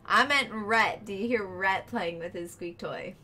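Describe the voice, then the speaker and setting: A woman's voice: mid-range voice, unhurried, heavy background noise. A woman streaming herself playing a video game, chatting casually with viewers and friends in the room.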